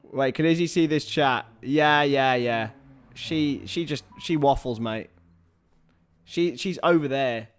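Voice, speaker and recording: A man hosting a live football watchalong, mixing match commentary with casual chat to his viewers. He swears, calls them lads and bursts into loud excited calls. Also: mid-range voice, slow, clear, resonant tone.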